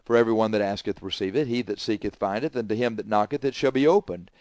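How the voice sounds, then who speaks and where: A middle-aged man preaching a sermon, emphatic and repetitive, swinging between loud declarations and quiet asides. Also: fairly low pitch, fast, dry recording, studio quality.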